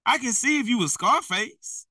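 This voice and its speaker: A man's voice: very high voice, expressive, normal speed, pushed and bright, slightly rough, dry recording, distant mic, poor audio. A man preaching in a blunt, slangy, exhorting way, often laughing at himself. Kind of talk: fiery street-style preaching.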